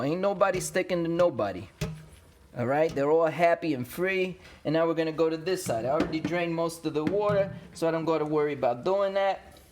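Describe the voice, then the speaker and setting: A man with a notably high voice teaches cooking to his students from his home kitchen, speaking to a handheld camera. He is playful and talkative, joking with the kids as he works, with a faint hum of noise behind him. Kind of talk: casual cooking demonstration for students. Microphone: camera held by a cameraman.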